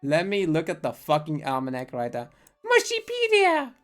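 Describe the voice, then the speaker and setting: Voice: medium pitch, fairly quick, soft background music. A streamer commenting on a game live, blunt and rambling with frequent swearing and laughing asides.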